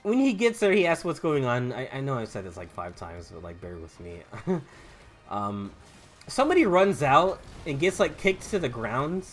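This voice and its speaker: A man's voice: medium pitch, very animated, moderate pace. Young southern guy rambling over a game, voice jumps all over, stammers and swears, faint music behind. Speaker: gaming YouTuber. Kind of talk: rambling commentary while gaming.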